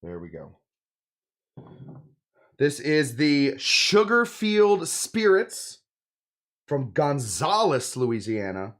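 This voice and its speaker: A cocktail host talks his way through a recipe in a loose, rambling manner. He cracks jokes and chases his own tangents. His man's voice sits at a middle pitch but leaps around with lively, animated swings. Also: drawn-out words, long pauses. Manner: joking, rambling, self-interrupting. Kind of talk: casual cocktail-making demonstration.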